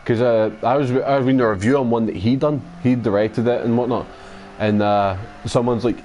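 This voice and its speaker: A man's voice: mid-range voice, fairly even intonation, fairly quick, hardly any pauses, warm tone, a little hiss or hum. A man with a Scottish accent hosting a gaming channel, chatting casually and rambling in sweary banter while he plays a racing game.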